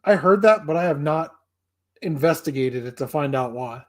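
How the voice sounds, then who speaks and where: A man's voice: on the high side, expressive, moderate pace, a little hiss or hum. A man hosting a casual live stream, rambling, swearing and making fun of himself. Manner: rambling, profane, self-deprecating. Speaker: livestream host.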